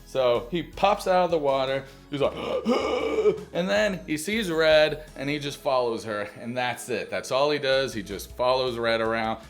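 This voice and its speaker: A man talks through a movie in a casual, rambling way, joking at his own expense and swearing freely. His voice sits in an ordinary middle range. Faint music plays quietly behind him. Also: medium pitch, normal speed, hardly any pauses. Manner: loose, profane, jokey, self-mocking. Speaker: movie reviewer.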